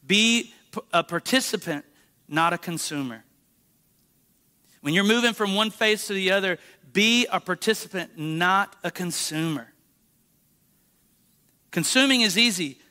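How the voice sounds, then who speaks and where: A man preaching a sermon in church, talking casually and prompting the congregation to answer and join in. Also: sits high. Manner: lively, conversational preaching with audience prompts.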